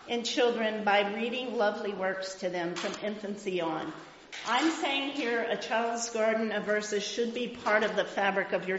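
A woman's voice: fairly high pitch, highs cut off, a little hiss or hum. Emphatic middle-aged woman in an echoey hall. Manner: enthusiastic, emphatic, reads passages aloud. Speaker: speaker. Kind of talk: talk to a live audience. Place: hall with an audience.

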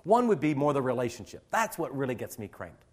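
A man's voice: medium pitch, sing-song, brisk. A middle-aged male teacher giving a conversational lecture to other teachers, acting out little classroom scenes as he goes.

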